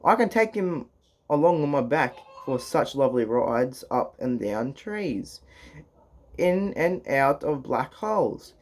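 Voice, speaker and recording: A sly snake from a children's storybook, sweet-talking and coaxing, read aloud by a man. The voice stays low-key and slow, an oily charm laid over the words. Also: big pitch swings.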